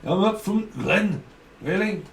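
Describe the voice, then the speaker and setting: Man putting on a teasing mock-Scottish lad, pitched up, recorded distant in a roomy space. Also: animated, takes it slowly, exaggerated voice. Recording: roomy, distant mic, faint hiss.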